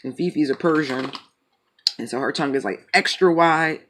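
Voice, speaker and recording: A man with a slightly high voice chats loosely before pulling tarot cards. He jokes, swears freely and drifts between tangents in a relaxed, rambling way. A faint hiss of noise sits under the recording. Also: normal speed. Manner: joking, profane, rambling. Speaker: tarot reader. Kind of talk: casual chat and tarot reading.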